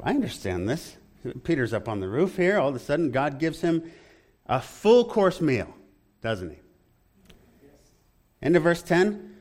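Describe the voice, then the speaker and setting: A man preaching an expository sermon in an animated, engaging way, often asking the congregation questions. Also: fairly high pitch.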